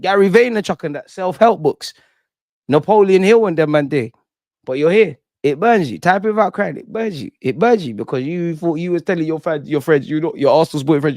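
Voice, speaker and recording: Excitable young man ranting. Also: a little high, brisk, dry recording, studio quality. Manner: excitable, slangy, swears, reads chat aloud. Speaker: football fan channel host. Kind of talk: live post-match reaction stream.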